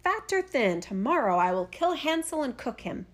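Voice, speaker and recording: A woman reading a fairy tale aloud, voicing a cruel old witch in a lower, gruff, scolding voice. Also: big pitch swings, moderate pace. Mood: menacing. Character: wicked old female witch, cruel and greedy. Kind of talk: storybook reading.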